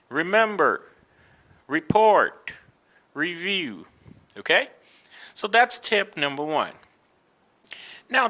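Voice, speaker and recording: Slow, bright-voiced pronunciation teacher man. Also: on the high side. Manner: slow, emphatic demonstrations of sounds. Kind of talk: online pronunciation lesson.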